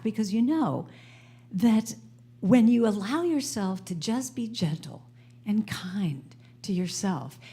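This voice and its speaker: A woman's voice: mid-range voice, breathy edge. Playful woman leading a live spiritual talk. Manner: playful, animated, leads the audience in repeating phrases. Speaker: guest speaker and singer-songwriter. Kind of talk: inspirational talk with audience call-and-response. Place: live service in a spiritual center.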